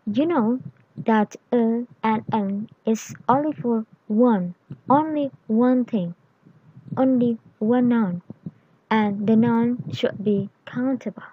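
Slow, deliberate woman teaching grammar. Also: fairly high pitch, husky, phone-quality sound. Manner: slow, deliberate, enunciating example words. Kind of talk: explanatory grammar lesson.

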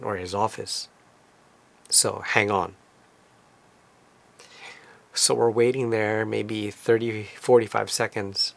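A man casually recounting a trip as a vlogger, in a relaxed, conversational storytelling manner. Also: on the low side, gravelly. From lives in Tokyo. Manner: relaxed, conversational retelling with fillers.

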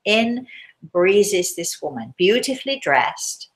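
An English woman, a spiritualist medium, telling a story live and dropping to a hushed, gentle voice when quoting herself. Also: mid-range voice, sing-song, slow pace, low-quality recording.

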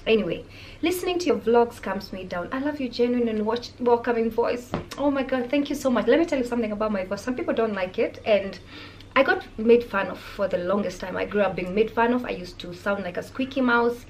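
A young Kenyan woman vlogging, speaking calmly and softly as she reads out viewer comments and answers them. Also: fairly high pitch, a little fast. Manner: calm, soft-spoken, reads viewer comments aloud and replies. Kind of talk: casual vlog chat.

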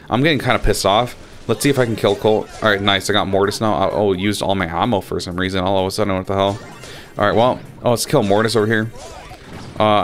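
A young man giving casual gameplay commentary, swearing freely and getting loudly frustrated. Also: lowish voice. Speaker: gaming channel host.

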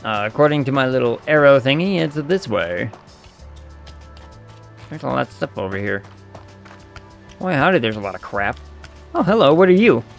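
A man streaming a video game, tossing off wry, joking asides as he plays. His voice sits at an ordinary middle pitch. Quiet game music hums in the background. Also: expressive, moderate pace, gravelly, long pauses. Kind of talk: casual game commentary.

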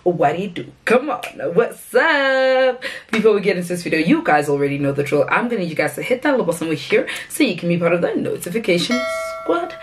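A bubbly young woman chats straight to her viewers in a casual vlog. She talks in a quick, friendly flow and her voice leaps up into squeals when something excites her. Faint music plays behind her. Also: on the low side. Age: young adult. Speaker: content creator.

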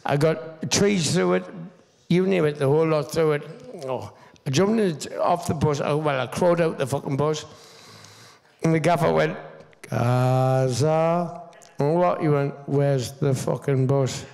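A man's voice: a little high, normal speed, gravelly, darkish tone. A man in his fifties with a Geordie accent, telling rambling, swear-filled stories on stage as a guest speaker. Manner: swearing, rambling storyteller with restarts. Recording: stage mic in a reverberant hall.

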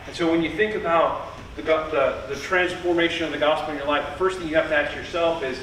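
An earnest male pastor preaches with emphatic, repeated phrases in a fairly high voice. His words ring through a large, echoey church. The mic sits well away from him, with a faint hiss of the room underneath. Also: steady tone, quick pace, fairly bright tone. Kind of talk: sermon. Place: church sanctuary. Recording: echoey church heard from a distance.

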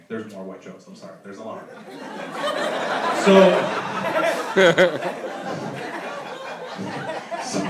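A man doing a stand-up comedy set on a club stage, telling stories with acted-out dialogue. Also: on the high side. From Philadelphia, United States. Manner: lively storytelling with acted dialogue. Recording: echoey club, distant mic, audience noise. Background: audience laughter.

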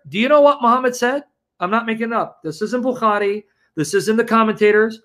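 A man's voice: very high-pitched, fast talker, a bit bright. A man telling a story as commentary in an emphatic, incredulous way, acting out the quotes. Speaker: religious debate show co-host.

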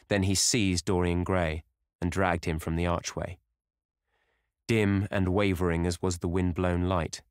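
Deep-voiced man narrating a classic novel. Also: no echo, studio quality. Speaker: audiobook narrator.

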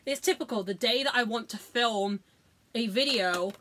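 A woman's voice: on the high side, normal speed, fairly bright tone, slight background noise. A woman, chatting casually through a makeup tutorial, sweary, giggly and self-mocking. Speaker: beauty vlogger.

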